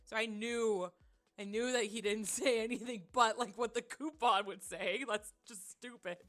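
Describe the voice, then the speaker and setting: A young woman streamer telling a story in casual chat, animated and rambling, with many fillers and restarts. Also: on the high side, moderate pace.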